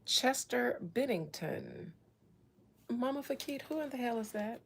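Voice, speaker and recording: Slow, gravelly woman chatting to viewers. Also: fairly high pitch, animated, slight background noise. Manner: playful, laughing asides, slangy. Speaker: spiritual reader talking to viewers. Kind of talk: casual livestream chat.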